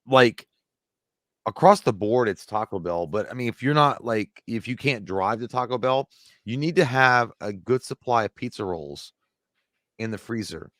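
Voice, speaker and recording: A man's voice: medium pitch, expressive, moderate pace, fairly bright tone, dry recording. A man co-hosting a live stream, reading viewer comments aloud and answering them in a loose, profane, rambling way. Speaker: live show co-host reading chat. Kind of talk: casual live-stream chat.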